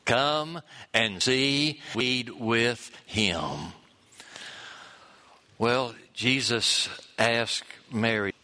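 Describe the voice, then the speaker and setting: A man delivers a sermon in an unhurried, deliberate way, letting his words land one by one. His tone is bright and forceful, and he acts out the lines he quotes with lively expression. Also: mid-range voice. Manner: expressive preaching, acts out quotes, pauses and chuckles. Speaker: pastor.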